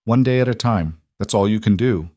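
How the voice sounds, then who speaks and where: A man voicing a calm, supportive woman who speaks in a steady, reassuring way. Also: lowish voice, moderate pace, no room sound, studio quality, close to an everyday voice.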